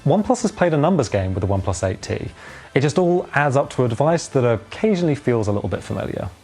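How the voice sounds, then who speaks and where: A man giving a scripted tech review in a clear, measured and lightly wry way, filmed outdoors on a phone's own microphone. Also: mid-range voice, very animated, a little mellow, soft background music. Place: outdoors in wind. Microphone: phone's built-in microphone.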